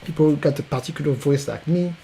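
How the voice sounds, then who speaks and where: A man with a French accent giving an emphatic, repetitive promotional pitch as a podcast coach. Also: fast, creaky, mellow, soft background music, low-quality recording.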